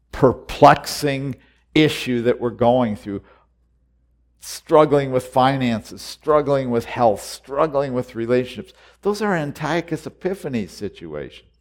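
Male preacher, sermon, slow deliberate delivery, earnest, repetitive, quiet musing rising to loud urging. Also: medium pitch.

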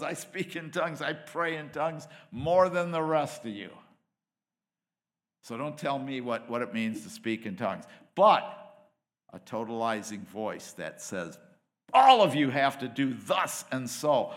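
A middle-aged man delivers a sermon in a bright, forceful voice. He is impassioned, climbing to loud, emphatic peaks and then falling to near-whispered asides. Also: medium pitch. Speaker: preacher.

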